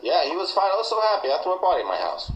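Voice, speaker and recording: A man's voice: sits high, wildly swooping pitch, rapid-fire, dull audio. A man from Malaysia giving an earnest, emphatic account in a recorded interview, often repeating and restarting his words. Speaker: interviewee, former coworker. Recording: echoey room recording with faint noise.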